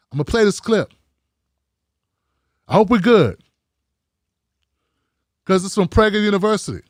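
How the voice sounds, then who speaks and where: A man with a high voice delivers a fired-up, profanity-heavy rant as host of a live commentary stream. The sound is dry and close. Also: fairly bright tone, dry recording. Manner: heated, profane and ranting.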